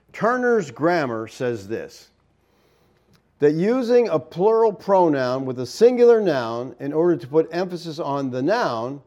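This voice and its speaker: A man's voice: a little high, darkish tone, dull audio. A man preaching a verse-by-verse Bible teaching, explaining Greek words and often checking in with the listeners.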